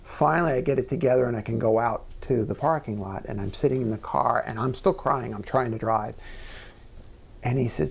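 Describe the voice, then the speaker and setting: Earnest man with a gravelly voice. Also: mid-range voice, a little fast. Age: middle-aged. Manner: earnest storyteller, drops to near-whisper at times. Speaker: guest speaker. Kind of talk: onstage conversation. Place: small members' club event room.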